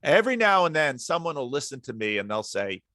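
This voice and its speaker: A man's voice: mid-range voice, very animated, fairly quick, sharp tone, no room sound, clean studio sound. A middle-aged man from northern New Jersey, a pastor chatting casually as a podcast guest and telling easygoing anecdotes. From northern New Jersey, outside New York City.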